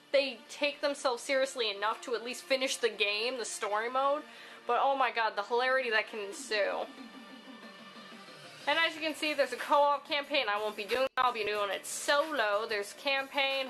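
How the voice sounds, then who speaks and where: A woman's voice: a little high, pushed and bright. A woman giving chatty, profane commentary while playing a video game. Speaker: gaming streamer. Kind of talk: casual let's-play commentary.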